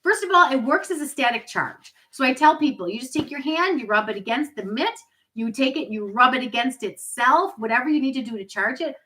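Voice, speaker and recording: Bright-voiced chatty woman demoing products. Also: sits high, lively intonation, a little fast, poor audio. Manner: chatty and upbeat, with asides to viewers. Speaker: product party host. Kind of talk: live product demo.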